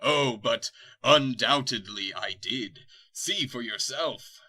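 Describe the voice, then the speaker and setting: A man voicing a gloating tentacled alien dark lord who keeps repeating a catchphrase. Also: medium pitch, slow pace, full character voice.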